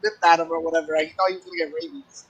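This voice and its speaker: A man co-hosts a casual chat in a high, bright voice. He is chatty and quick to laugh, and he restarts his sentences as he goes. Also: slightly rough, dull audio. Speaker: podcast co-host.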